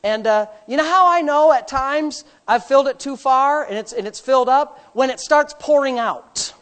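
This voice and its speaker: A man preaching a sermon as pastor. He swings from loud, climbing preaching peaks to quiet, self-mocking storytelling with casual asides. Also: extremely high pitch, normal speed. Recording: long reverb of a large hall.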